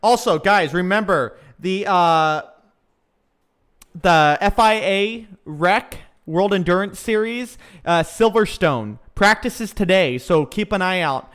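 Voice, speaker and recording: Casting note: chatty young man, fairly high voice, casual live race commentary as a fan. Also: takes it slowly, a bit bright, clear, resonant tone. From Southern California. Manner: chatty fan, reads out viewer comments, many fillers.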